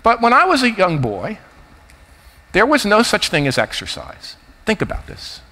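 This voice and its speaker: A man's voice: sits high, huge pitch swings, moderate pace, bright, forceful tone. A man in his fifties from the United States with a New Jersey accent, giving an emphatic, anecdotal keynote talk at a conference. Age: 50s. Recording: reverberant hall.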